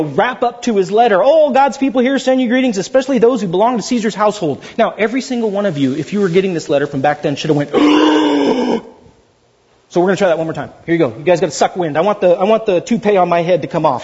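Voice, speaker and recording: A high-voiced man preaches to his congregation with husky warmth, slipping into animated, jokey asides. The sound is a dull, lo-fi church recording. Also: rapid-fire, hardly any pauses. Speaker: pastor. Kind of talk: sermon.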